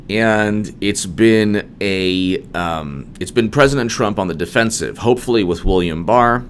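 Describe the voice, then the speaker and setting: A man's voice: on the low side, a little slow, hardly any pauses, slight background noise. A man hosting a solo political commentary monologue, emphatic and digressive, with frequent restarts.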